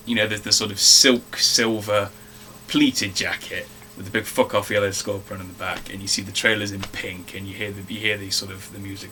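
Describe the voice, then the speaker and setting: A man's voice: fairly low pitch, sharp tone, slight background noise. A man co-hosting a casual film review chat, talking in a chatty way and swearing freely.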